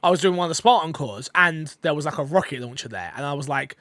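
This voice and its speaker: Rambling, excitable man on a podcast. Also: a little high, fast, no room sound. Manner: rambling, excitable, many fillers. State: eating while talking. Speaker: podcast co-host. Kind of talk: casual podcast chat.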